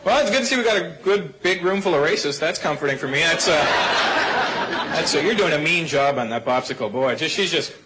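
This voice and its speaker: A man's voice: a little high, animated, a little fast. Man doing stand-up over a roaring crowd. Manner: playful, teasing the crowd. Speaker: stand-up comedian. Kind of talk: stand-up routine on stage. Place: comedy club stage. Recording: loud club crowd and noise.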